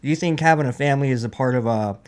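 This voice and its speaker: A man's voice: mid-range voice, very fast. A man hosting a casual podcast chat, joking and teasing between rambling questions. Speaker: podcast host.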